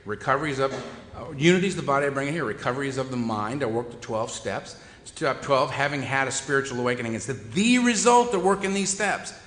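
A man's voice: medium pitch, animated, brisk, a bit bright, slight background noise. A man giving a humorous recovery talk, wry and self-deprecating, to a meeting hall. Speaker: recovery speaker. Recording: echoey hall with long reverb.

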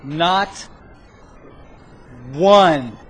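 Folksy man, loud bursts. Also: a little high, very slow, slight background noise, poor audio. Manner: folksy, rambling and self-mocking, with bursts of loud emphasis. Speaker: recovery speaker sharing his story. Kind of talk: spoken testimony to a live audience.

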